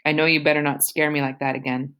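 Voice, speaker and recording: An affectionate middle-aged mother fusses and scolds, as a woman reads her. Her voice is low and plain. She belongs to an audiobook family. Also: flat delivery, quick pace, a bit bright, clean tone.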